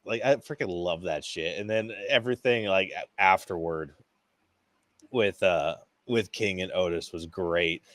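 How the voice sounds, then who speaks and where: A man co-hosting a podcast in casual movie review chat. He is excitable, swears freely and acts out scenes in quick quoted voices. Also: low voice, no echo. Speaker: podcast co-host.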